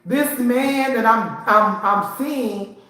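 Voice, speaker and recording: A woman's voice: a little high, takes it slowly, fairly bright tone. A woman co-hosting a casual live family chat, complaining heatedly and talking over her partner. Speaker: show co-host. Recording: very echoey room.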